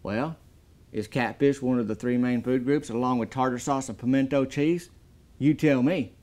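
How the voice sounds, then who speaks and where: In a folksy drawl, a man delivers a deadpan comedic movie review, building up exaggerated hype. His pitch is medium.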